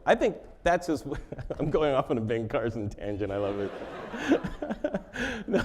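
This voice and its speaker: Animated, joking man in an interview. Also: medium pitch. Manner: joking, laughs often. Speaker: interview guest. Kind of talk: conversational interview.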